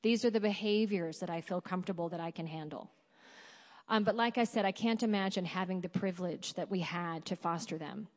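A woman's voice: on the low side, a little mellow. A woman, a former foster parent, speaking earnestly on a panel before an audience. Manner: earnest, heartfelt. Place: large hall with an audience. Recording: hall reverb.

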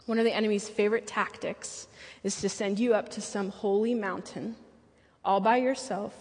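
Husky woman preaching in an echoey hall. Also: medium pitch. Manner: earnest and personal, with playful asides. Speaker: church speaker. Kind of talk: sermon.

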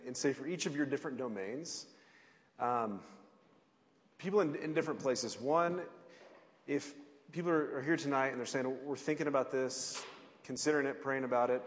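A man moderating a panel, posing loose, rambling questions to the audience and panel. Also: mid-range voice. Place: large hall with an audience. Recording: hall reverb with faint crowd.

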